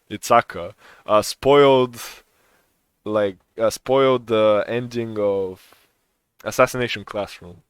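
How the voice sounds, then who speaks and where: A man's voice: medium pitch, a bit bright, no room sound. A young man co-hosting a podcast in a casual chat, rambling, swearing and laughing often. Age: young adult. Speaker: podcast co-host.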